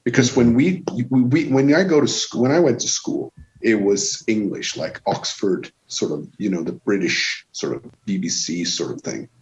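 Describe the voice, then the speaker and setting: A man's voice: on the low side, moderate pace, muffled recording. A Swedish man speaking English with a Swedish accent, a guest chatting on a podcast, telling stories with plenty of swearing and restarts. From Sweden. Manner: swears freely, many restarts, animated storytelling. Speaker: guest musician. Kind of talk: casual podcast chat.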